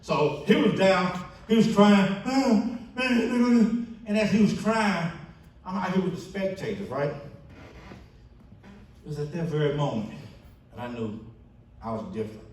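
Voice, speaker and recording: This keynote testimony at a church banquet comes from a man with a fairly high pitch who speaks at a measured pace with long pauses. Recorded on a distant mic in an echoey hall, he narrates and acts out quoted friends in lively bursts.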